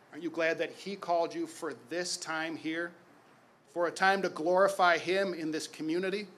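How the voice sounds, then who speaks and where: A man in his forties preaching a sermon as pastor, emphatic, swelling loud and then dropping quiet on key phrases. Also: fairly high pitch, slight background noise.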